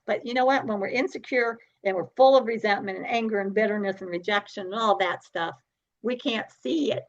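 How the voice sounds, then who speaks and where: Middle-aged woman guest, storyteller who acts out dialogue, mid pitch, muffled recording. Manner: animated, acts out dialogue, laughs often. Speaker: podcast guest. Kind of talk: storytelling interview.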